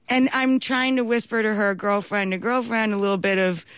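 A woman being interviewed, telling stories in an animated way and laughing often. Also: mid-range voice, moderate pace, smooth, no room sound. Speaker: guest, talk show host and cookbook author. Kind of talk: anecdotal storytelling in an interview.

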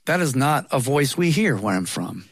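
A man's voice: medium pitch, very animated, normal speed. A man telling a humorous personal story in a wry, conversational way with playful asides.

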